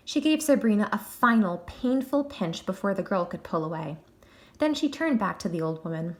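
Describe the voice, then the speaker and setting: Animated woman reading a storybook aloud. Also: medium pitch, moderate pace. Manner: expressive, animated. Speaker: narrator.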